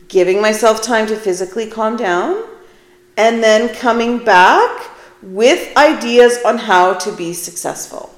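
A middle-aged woman hosting her own podcast, talking casually and candidly with a self-deprecating streak. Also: a little high. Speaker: podcast host. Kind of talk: casual solo podcast talk. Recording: echoey room.

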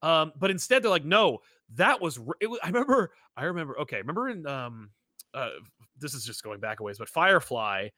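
A man's voice: fairly high pitch, very animated, fairly quick, bright, forceful tone, dry recording, clean studio sound. A man co-hosting a casual movie chat, rambling and profane, full of fillers and restarts.

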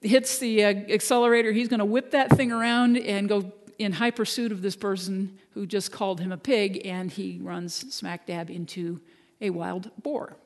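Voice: mid-range voice, fairly even intonation, moderate pace. Casual conversational sermon, storytelling with a joke or two, lots of reverb from the church hall. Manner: conversational storytelling with gentle humor. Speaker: minister. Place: church sanctuary.

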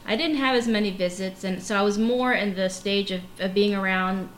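A woman's voice: medium pitch, normal speed. A woman, a pharmacy professor, talking candidly in an interview, reflective and full of restarts. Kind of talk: conversational interview. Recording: roomy with faint background noise.

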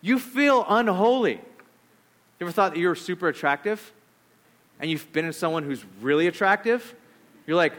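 A man preaching a sermon as a pastor, telling stories in an animated, casual way with quick asides. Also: high-pitched.

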